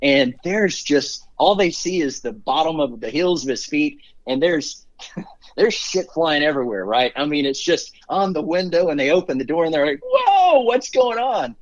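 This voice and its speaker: A middle-aged company CEO tells stories as an interview guest, upbeat and rambling, with lots of fillers and restarts. His voice is on the high side at a moderate pace, and the recording has a dull lo-fi sound.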